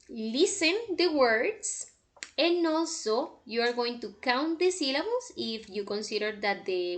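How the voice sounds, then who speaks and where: A woman, an English teacher walking her class through homework exercises and checking in with "okay?" after each step. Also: a little high. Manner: explanatory, repeats "okay?" often. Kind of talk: recorded lesson walkthrough.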